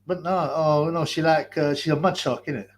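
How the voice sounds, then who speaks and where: Wearing a mask in a hot basement, a livestream host speaks at a moderate pace in a fairly high, steady-toned voice. He rants crudely and profanely, mocking people between laughs.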